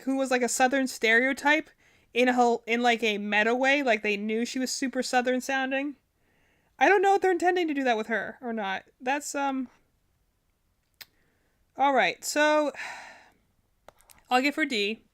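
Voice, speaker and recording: Gamer girl streaming, kinda high voice, rambly and chatty, lots of likes and ums. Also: fairly bright tone. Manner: chatty, rambling, many fillers and self-corrections. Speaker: streamer reacting to game trailers. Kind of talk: casual live-stream commentary.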